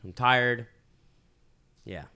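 A man's voice: medium pitch, extremely slow, sharp tone, clean tone. A young man co-hosting a casual podcast, rambling and swearing, joking about being bitter. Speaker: podcast co-host. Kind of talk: casual chat. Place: San Diego.

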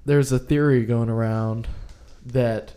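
Male podcast co-host, mellow tone, loose joking delivery. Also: medium pitch, steady tone, slow, clear, resonant tone. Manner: rambling, joking explanations. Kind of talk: casual podcast chat.

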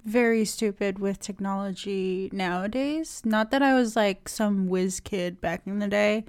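Female co-host, mid-pitched, relaxed and playful in casual banter. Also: gravelly. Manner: easygoing, laughs along, playful. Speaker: podcast co-host. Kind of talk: casual chat.

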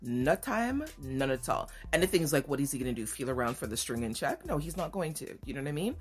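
A woman hosts a candid podcast and tells a personal story in a blunt, animated way. Her voice sits low but swings widely in pitch as she acts out both sides of the dialogue. Faint music plays behind her. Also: fast talker. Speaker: podcast host.

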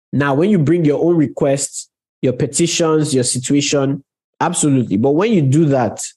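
A man's voice: fairly high pitch, warm tone. A man preaching a conversational sermon on prayer, talking directly to his listeners and stressing key words. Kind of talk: sermon teaching.

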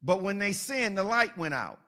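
Bright-voiced man preaching emphatically. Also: high-pitched, big pitch swings, moderate pace. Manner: emphatic, building repetition with loud peaks; colloquial asides. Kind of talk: sermon.

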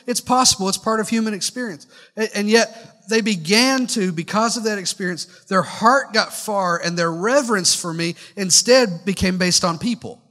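A man's voice: high-pitched, normal speed, sharp tone. A male pastor delivering a sermon, speaking conversationally with wry asides and putting questions straight to his congregation. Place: church sanctuary. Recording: long hall reverb from church sanctuary.

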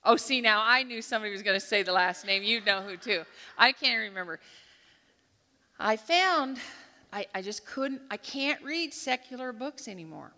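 Bright-voiced woman telling a devotional story. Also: fairly high pitch, moderate pace. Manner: lively storytelling, acting out her own thoughts. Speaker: speaker at a church gathering. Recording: long hall reverb.

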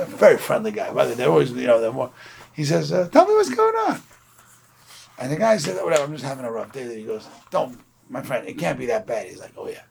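A man's voice: medium pitch, vocal fry, slight background noise. A man from Brooklyn giving an informal Torah lecture, telling stories in a conversational way and acting out the people he quotes. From Brooklyn, New York. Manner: conversational, storytelling with animated quoted voices. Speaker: Torah class teacher.

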